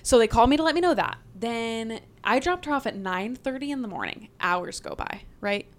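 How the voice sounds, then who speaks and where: A young woman telling a story on a podcast in a casual, animated way, swearing freely and peppering her talk with "like". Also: fairly high pitch, a little fast. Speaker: podcast guest.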